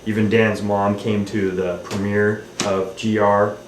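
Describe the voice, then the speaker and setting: A man's voice: lowish voice, flat delivery, unhurried, far from the mic. A man, a film director, recalling making his film in a rambling, casual way full of ums and restarts. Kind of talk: casual behind-the-scenes recollection. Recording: roomy, off-mic, faint hiss.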